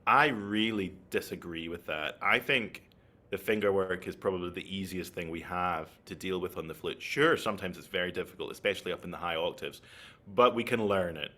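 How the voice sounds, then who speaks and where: A man's voice: low voice, moderate pace, pushed and bright. A man giving an online flute masterclass, explaining technique and checking in with his listeners as he goes. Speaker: flute teacher.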